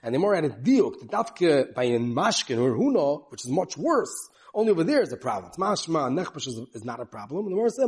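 Rapid-fire teacher, man. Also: a little high, sing-song, a little mellow. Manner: rapid, mixing English with Hebrew and Yiddish terms. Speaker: Talmud teacher. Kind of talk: yeshiva-style Talmud class.

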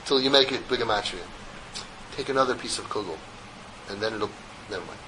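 A man giving a Torah lecture to a group as rabbi, an animated storyteller who slips in jokes. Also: mid-range voice, a little fast, long pauses, slight background noise, low-quality recording.

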